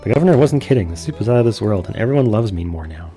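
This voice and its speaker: A man's voice: fairly low pitch, expressive, very fast, warm tone, soft background music, close to an everyday voice. A man voicing a fussy older village mayor from a farming game, announcing things in an officious, ceremonial way. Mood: crude.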